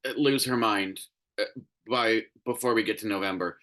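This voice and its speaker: A man's voice: lowish voice, normal speed, a bit bright. A man hosting a solo commentary show, ranting in a profane, exasperated way, tired and crabby. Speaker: show host.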